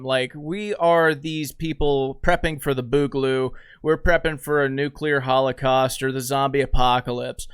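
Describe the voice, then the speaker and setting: A man's voice: on the high side, a bit bright, clear, resonant tone. A man hosting a casual podcast interview, asking a long question while searching for words. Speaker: podcast host.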